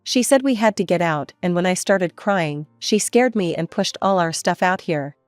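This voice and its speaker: A woman narrating a first-person family story in a steady, plain way. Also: fairly low pitch, normal speed, no room sound, faint music behind.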